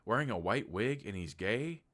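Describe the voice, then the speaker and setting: A man's voice: lowish voice, lively intonation, normal speed, a bit bright. A man giving a casual, rambling movie review, candid and loose, with lots of filler words and the odd swear.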